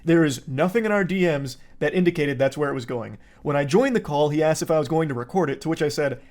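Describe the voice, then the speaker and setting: A man's voice: fairly high pitch, lively intonation, fast talker, a little mellow. A man in a recorded video, explaining events in an indignant, sometimes sarcastic commentary style.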